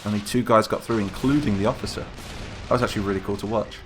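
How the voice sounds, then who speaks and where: A man hosting casual, chatty game commentary, getting excited and calling out to the troops as he plays. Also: on the low side, fast talker, over music. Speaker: gaming channel host. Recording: game gunfire and explosions behind voice.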